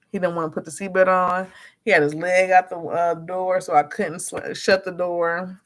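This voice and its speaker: A woman chatting casually as a vlogger, frank and animated, acting out quotes as she tells her story. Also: fairly low pitch, moderate pace. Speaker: notary and vlogger.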